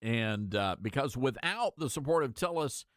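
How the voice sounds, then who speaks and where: A male talk radio host giving sarcastic, animated commentary with mocking asides. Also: mid-range voice, moderate pace, no room sound, clean studio sound.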